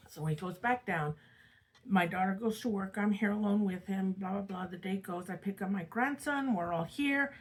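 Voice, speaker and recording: A woman's voice: mid-range voice, unhurried, low-quality recording. An older woman casually retelling a spooky true story from her own family, chatty and dramatic. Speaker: storyteller host. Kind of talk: casual spoken ghost story.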